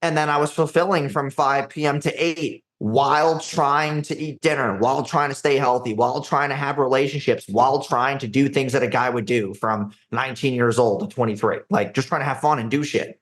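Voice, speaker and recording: A man's voice: mid-range voice, steady tone, fairly quick, hardly any pauses, a bit bright. Casting: man in his twenties, podcast guest, cocky and profane storyteller, mid-range voice. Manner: brash, profane, says "dude" and "like" often. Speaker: podcast guest, agency founder. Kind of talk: casual storytelling interview.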